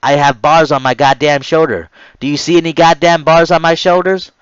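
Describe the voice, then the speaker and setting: A man playing a harsh male navy drill instructor who yells and curses at recruits. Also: on the high side, fairly even intonation, normal speed, clean tone, no room sound, highs cut off, voice pushed up, natural voice. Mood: angry scolding. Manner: yelling, cursing, barking orders.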